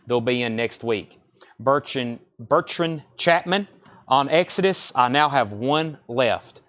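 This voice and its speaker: A man hosting a live record sale, chatting informally and rattling off buyer names, album titles and prices in quick succession. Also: medium pitch, animated, a bit bright. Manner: chatty and informal between listings. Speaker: record store host running a live sale. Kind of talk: live-stream sales patter.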